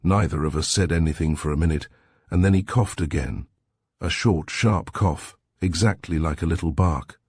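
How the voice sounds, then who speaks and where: A man reading a sleep story aloud in a calm, soft-spoken, measured way with a husky voice. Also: deep voice, no room sound.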